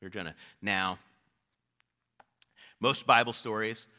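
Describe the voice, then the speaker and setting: A man's voice: lowish voice, fairly even intonation, slow pace, sharp tone, smooth. A male pastor preaching a sermon in an informal, conversational storytelling way.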